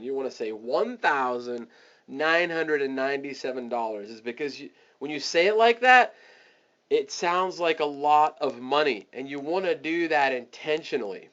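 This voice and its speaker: A man teaching a webinar, giving energetic step-by-step sales coaching and acting out the scripts for his listeners. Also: a little high, lo-fi sound. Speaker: online marketing coach.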